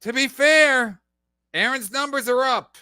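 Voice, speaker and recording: Guy with a sharp bright voice mocking a clip, loud sarcastic jabs, dry close sound. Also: extremely high pitch, unhurried, smooth, no room sound. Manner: sarcastic, loud profane interjections. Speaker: podcast host reacting to a clip. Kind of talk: mocking commentary.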